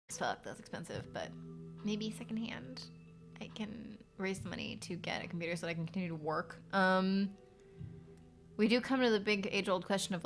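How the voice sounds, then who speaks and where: Bright-voiced woman with a stuffy nose. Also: on the low side. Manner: rambling, frequent fillers and profanity. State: congested nose, coughing. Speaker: streamer and voice actor. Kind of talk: casual live-stream chat. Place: mold-filled apartment.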